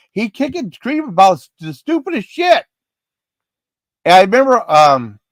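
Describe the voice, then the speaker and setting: Guy hosting a livestream, kinda high voice, rambles and gets all worked up, dry close sound. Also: no room sound. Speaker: livestream host. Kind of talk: casual rambling storytelling.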